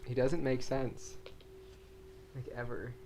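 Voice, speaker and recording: Rambling, relaxed man co-host. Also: mid-range voice, slow pace, rough recording. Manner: relaxed, rambling, uses "like" and "uh" a lot. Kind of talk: casual chat. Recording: faint background noise.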